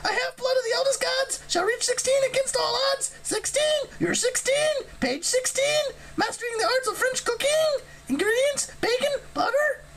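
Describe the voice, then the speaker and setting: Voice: very high voice, expressive, moderate pace, few pauses, pitched above the performer's own voice. A reader voicing an erratic, twitchy young female harpy who blurts out disjointed, stuttering exclamations in a storybook reading. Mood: rambling.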